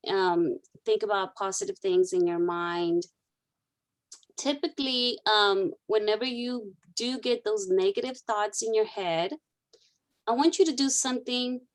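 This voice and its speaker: A woman counselor guiding a client through a therapy exercise, repeating key phrases as she coaches. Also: a little high. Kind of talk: counseling session role-play.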